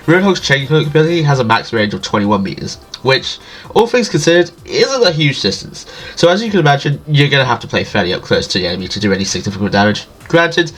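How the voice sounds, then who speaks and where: Man, nasal and stuffed up, fast-talking jokey game-guide narrator. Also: medium pitch, fairly bright tone. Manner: jokey and self-deprecating. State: stuffy from allergies. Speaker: video game guide creator. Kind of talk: scripted gaming guide voice-over.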